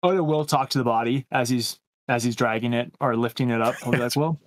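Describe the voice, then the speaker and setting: A man playing a tabletop game, chatting casually and asking questions. His voice is mid-pitched and relaxed, recorded dry and close. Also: fast talker, no echo. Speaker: player.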